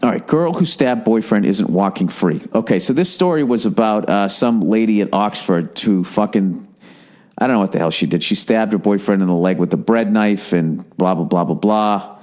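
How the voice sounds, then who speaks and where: A man's voice: lowish voice, normal speed, a little mellow. A man with a Boston accent in his forties hosting a comedy podcast, who swears a lot and gets indignant while reading out a listener's email. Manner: profane, indignant ranting, reads a listener's email aloud. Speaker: podcast host.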